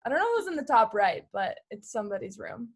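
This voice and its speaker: A woman's voice: on the high side, sing-song, fast talker, slightly rough. A woman hosting a team video call, gushing and effusive, with "like" in nearly every phrase. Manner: gushing, heavy use of "like". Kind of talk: casual video call chat.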